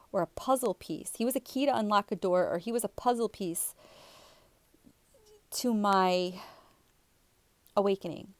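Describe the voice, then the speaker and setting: A woman's voice: mid-range voice, no echo. A woman vlogger telling a personal story to her viewers in a chatty, rambling way, with fillers and restarts. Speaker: spiritual vlogger.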